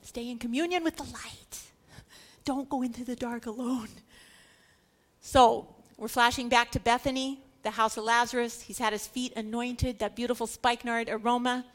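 A woman giving an animated scripture teaching, stressing points through repetition and dramatizing the quoted lines. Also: fairly high pitch, normal speed. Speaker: Bible teacher.

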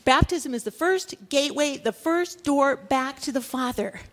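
A woman in her fifties with a notably high voice preaches a sermon a little slowly. Her delivery is animated, rising into loud exhortations and falling to low, hushed asides.

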